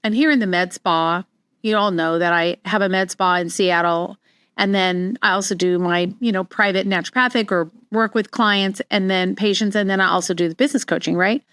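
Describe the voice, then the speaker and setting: A woman's voice: medium pitch, fairly quick, clear, resonant tone, dry recording. Candid woman podcaster, dry close sound. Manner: candid, animated when quoting herself, frequent restarts. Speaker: podcast host, wellness practitioner. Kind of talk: casual solo podcast storytelling.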